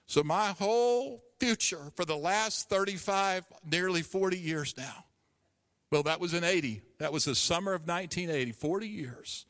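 A man's voice: fairly high pitch, a bit bright, big-room sound. A pastor in his fifties tells a personal story during a sermon, earnestly acting out the voices in it. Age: 50s.

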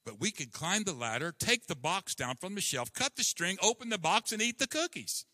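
A sensible storybook frog earnestly explaining willpower, read by a man. His voice is high and bright and swings widely as he talks. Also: big pitch swings, normal speed, dry recording, in a large hall, heavily acted.

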